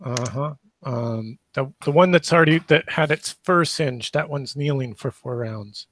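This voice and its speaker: A man running a tabletop game as game master, narrating in a halting way with frequent restarts. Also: mid-range voice, a bit bright.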